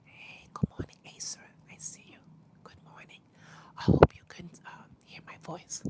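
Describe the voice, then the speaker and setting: A woman with laryngitis talking in a whisper with her mouth close to the mic, chatting casually on a livestream with many pauses and fillers. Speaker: livestream host.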